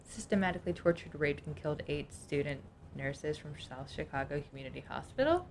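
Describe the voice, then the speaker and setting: A woman's voice: low-pitched, animated, brisk, slight background noise. A woman co-hosting a casual podcast, reading from her notes and chatting between them. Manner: reads notes aloud, chatty, laughs easily. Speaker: podcast co-host.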